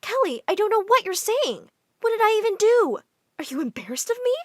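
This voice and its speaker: A woman voicing an erratic, excitable middle-aged mother who talks in shrill, frantic outbursts. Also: fairly quick, no room sound, studio quality.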